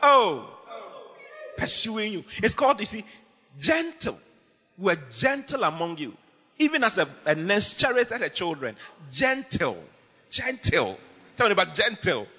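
A man preaching a lively, humorous sermon as pastor, teasing his congregation with bursts of shouting. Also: sits high, a little slow, husky, big-room sound.

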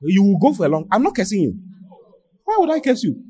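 A man's voice: high-pitched, wildly swooping pitch, a little fast, heavy background noise. A man preaching a sermon, emphatic, repeating phrases and firing rhetorical questions at the congregation. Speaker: pastor.

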